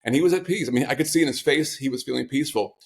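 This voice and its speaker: A man's voice: mid-range voice, rapid-fire, vocal fry. Man telling caregiving stories, wry. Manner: reflective storytelling with wry humor. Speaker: author guest. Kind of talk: conversational interview.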